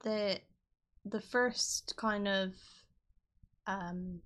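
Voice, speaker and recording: A woman's voice: medium pitch, steady tone, drawn-out words. A woman, co-hosting a podcast in casual chat, often answering with short acknowledgements and hesitant asides. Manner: responsive listener, short backchannels and hesitant asides. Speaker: podcast co-host.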